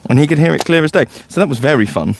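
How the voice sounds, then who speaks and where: Gravelly man chatting. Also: on the high side, animated, racing, slight background noise. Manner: chatty, explanatory, loose storytelling. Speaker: forest school leader. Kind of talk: casual podcast chat.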